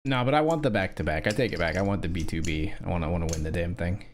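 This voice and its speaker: A man's voice: sits low, racing, slight background noise. A man commentating casually on his own online poker tournament, wry and often profane. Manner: profane, wry, thinking aloud. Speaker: poker streamer. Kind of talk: casual live-stream commentary.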